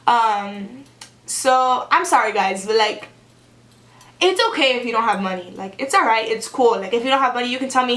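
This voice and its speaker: A young woman vlogger telling a story in a casual, animated, sarcastic way, filling her talk with "like.". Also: fairly high pitch, moderate pace. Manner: animated and sarcastic, heavy use of "like". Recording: echoey room.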